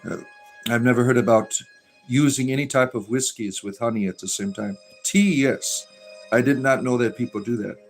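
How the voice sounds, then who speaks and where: Over soft background music, a middle-aged man with a mid-range voice talks at a moderate pace while hosting a casual livestream. He reads the chat aloud and rambles, using lots of filler words.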